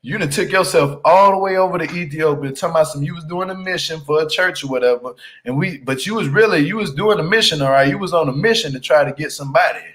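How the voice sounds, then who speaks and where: A man's voice: on the high side, fast, fairly bright tone, rough recording. A man giving casual, slangy recap commentary on a reality show, teasing and laughing as he talks. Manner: repeats "you hear me" for emphasis.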